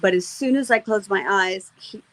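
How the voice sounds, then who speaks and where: A woman's voice: mid-range voice, normal speed, a bit bright, dry recording, poor audio. A middle-aged woman, an interview guest, telling a personal faith testimony in an earnest, emotional way, with many fillers and restarts.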